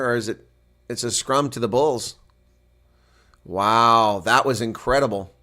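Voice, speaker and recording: A man calls a rugby match live from his home setup, narrating each phase in play-by-play commentary. His voice sits in a middle pitch. He turns excitable, loud and high when a big play breaks. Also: measured pace.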